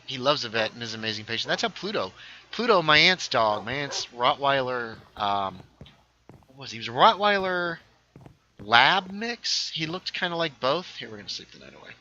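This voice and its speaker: Man with a sharp bright voice. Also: medium pitch, dull audio. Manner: rambling storyteller, reads chat aloud. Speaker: livestreamer. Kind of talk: casual gaming livestream chat. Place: home setup, playing a game.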